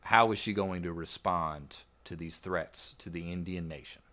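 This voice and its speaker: A man co-hosting a history podcast, recounting events in a relaxed, rambling way with plenty of "like" and "I guess". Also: low voice, normal speed. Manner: relaxed, rambling storyteller with fillers. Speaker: podcast co-host. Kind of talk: casual history podcast narration.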